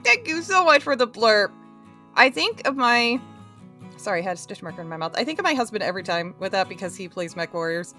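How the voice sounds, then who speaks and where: Bubbly bright-voiced woman streamer. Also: mid-range voice, very animated, brisk, soft background music. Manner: bubbly, giggly, greets chat warmly. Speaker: crochet streamer. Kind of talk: casual live-stream chat.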